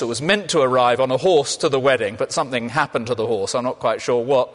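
Preacher in an echoing hall. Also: male voice, a little high, a bit bright. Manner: conversational, asks and answers his own questions. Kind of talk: sermon. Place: church. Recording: long reverb of a large hall.

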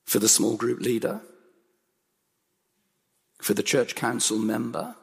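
A man preaches an earnest sermon with a gravelly, slightly husky voice that swings widely in pitch. He presses his points by repeating them. A long hall reverb trails his words. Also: big pitch swings, slow. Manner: earnest, emphatic, building repetition.

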